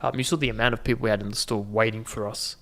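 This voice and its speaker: A man's voice: lowish voice, steady tone, very fast, fairly bright tone. A man hosting a gaming video, giving casual running commentary with joking asides to viewers. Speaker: gaming channel host.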